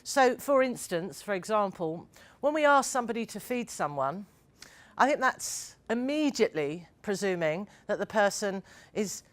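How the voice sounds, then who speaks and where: A woman's voice: mid-range voice, lively intonation, moderate pace. A woman with a mid-range voice talks to a live audience. She is frank and opinionated, and she makes her points in plain, everyday words. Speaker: co-presenter. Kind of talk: presentation to an audience.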